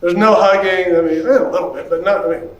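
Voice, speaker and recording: A man in his fifties, a pastor telling a personal story at a conference. He talks in an animated way and acts out the voices of the people he quotes. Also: sits high, fairly quick, muffled recording. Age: 50s. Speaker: pastor and church consultant. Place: large conference hall. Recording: echoey hall, voice from a distance.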